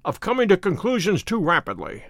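A man voicing Sherlock Holmes, a musing, brisk male detective, in a dry read story. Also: sits high, huge pitch swings, fairly bright tone, no echo, exaggerated voice.

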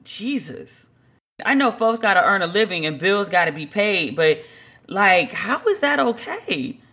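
A woman telling a story in a casual monologue, chatty and animated, full of "like" fillers. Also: mid-range voice, measured pace. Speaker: podcast host.

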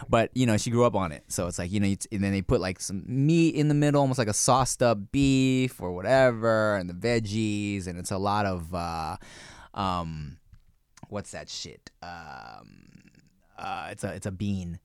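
A man's voice: fairly low pitch, normal speed, clean tone, no room sound, studio quality. A man in his thirties who chats casually on a podcast, rambling with fillers and swearing. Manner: rambling, profane, lots of fillers and laughter. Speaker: podcast co-host. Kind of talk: casual chat.

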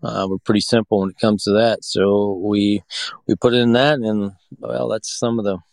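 Low-voiced rambling hunter man. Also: little pitch movement, normal speed, gravelly, no room sound. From Pacific Northwest. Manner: rambling with many fillers and restarts. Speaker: podcast guest, hunter. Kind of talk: casual chat.

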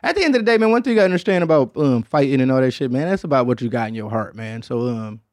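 A man's voice: medium pitch, lively intonation, racing, a little mellow, dry recording, studio quality. A man from Detroit hosting a podcast in casual chat, rambling and slangy and swearing often, with "man" at the end of many lines. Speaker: podcast host.

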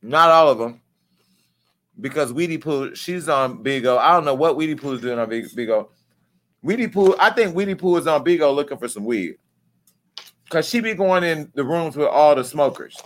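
Male vlog host, joking gossip commentary, salty and lively, slightly high voice. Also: moderate pace, long pauses. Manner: animated, profane, joking.

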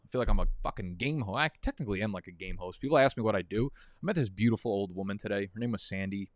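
A man's voice: fairly low pitch, quick pace, few pauses, no room sound, clean studio sound. A young man casually chatting and rambling, profane and prone to tangents, while hosting a fantasy football draft stream. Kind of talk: casual livestream chat.

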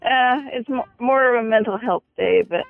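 A man doing a high falsetto voice of a mopey woman calling in to the show. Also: moderate pace, gravelly, narrow, tinny audio.

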